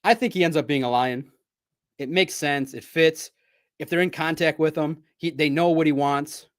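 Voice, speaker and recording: A man hosting a live sports talk stream, talking straight to his viewers in a playful, animated way. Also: a little high, normal speed.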